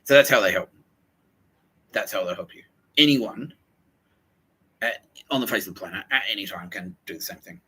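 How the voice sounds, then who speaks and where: Low-voiced, bright, swearing comedy podcaster. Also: male voice, animated, normal speed, long pauses, husky, low-quality recording. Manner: rambling, heavy swearing, jokey. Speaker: podcast host. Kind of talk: casual comedy monologue.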